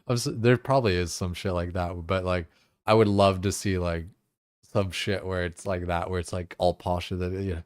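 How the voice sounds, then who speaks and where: Deep-voiced rambling, swearing streamer. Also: male voice, fairly even intonation, normal speed, clean tone, no room sound, studio quality. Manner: rambling, profane, full of fillers like "like" and "you know". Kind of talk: casual chat.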